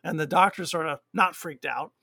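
Gravelly man, thoughtful and reflective. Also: a little high, moderate pace, pushed and bright. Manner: thoughtful, reflective, with frequent restarts. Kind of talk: casual chat reviewing a TV series.

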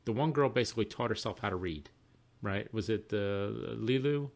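Man, middle-aged, podcast co-host, casual chat, lowish voice, gravelly. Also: moderate pace. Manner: animated storyteller, exclaims often.

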